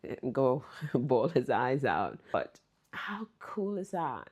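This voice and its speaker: A woman's voice: a bass voice, big pitch swings, slow pace, a little mellow, slightly rough. A middle-aged woman hosting her channel, telling stories in a chatty way and laughing often. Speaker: channel host. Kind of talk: casual storytelling.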